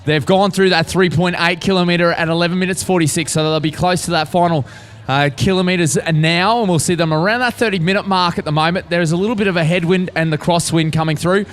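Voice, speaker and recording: A man's voice: sits high, fast talker. An Australian man commentating a race finish, upbeat and joking as runners come in. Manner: upbeat, joking banter while calling runners in.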